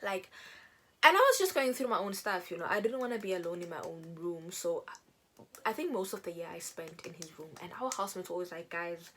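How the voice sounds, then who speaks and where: Young woman vlogger, casual storytelling, animated, faint noise in the background. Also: fairly low pitch, a little fast, poor audio. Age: young adult. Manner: chatty, animated, acts out quoted people. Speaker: beauty vlogger. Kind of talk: casual storytelling while doing makeup.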